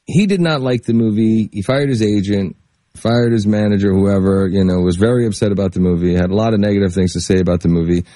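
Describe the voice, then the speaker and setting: A man being interviewed as a guest actor, telling lively anecdotes full of fillers and acted-out quotes. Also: fairly low pitch, fast, no room sound. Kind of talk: casual interview storytelling.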